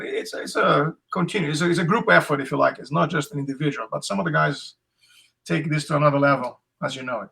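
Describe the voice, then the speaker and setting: A man's voice: fairly high pitch, steady tone, fast, gravelly, bright, forceful tone, rough recording. A middle-aged man from Essex with an Essex accent, chatting as a guest instructor over a video call, telling stories with lots of restarts. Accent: Essex English. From England. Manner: chatty, storytelling with acted quotes, frequent restarts. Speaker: Krav Maga instructor, guest.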